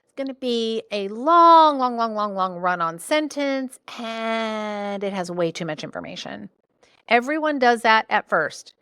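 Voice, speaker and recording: Woman coaching on her podcast, bright clear voice, playful and lively, dry close sound. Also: on the high side, unhurried, no echo. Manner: animated and playful, with jokey asides. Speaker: podcast host and business coach. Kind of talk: solo podcast teaching.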